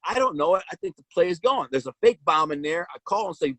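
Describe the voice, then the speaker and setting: A man's voice: sits high, animated, quick pace, hardly any pauses, a bit bright, dry recording, poor audio. A man casually telling his own story in blunt street slang, with frequent restarts.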